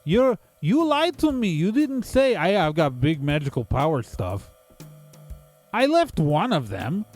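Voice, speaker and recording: A man doing a whiny, squeaky goblin thief. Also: sing-song, a little mellow, faint music behind. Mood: pleading. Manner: high, pleading, talks fast over others. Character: scheming male goblin thief, whiny and excitable.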